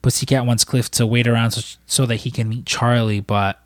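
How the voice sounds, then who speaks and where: A man's voice: medium pitch, level tone, a little fast, no room sound. A man recapping a film in casual, rambling talk, full of fillers and swearing. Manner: rambling, profane, lots of fillers. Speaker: podcast co-host.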